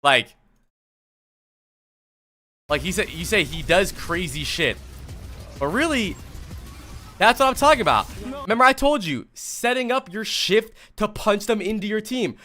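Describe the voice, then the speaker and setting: A man's voice: high voice, very animated, measured pace, long pauses, sharp tone, soft background music. A young man from the US East Coast reviewing gameplay on a live stream, talking to chat in a blunt, profane and casual way. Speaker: streamer and coach.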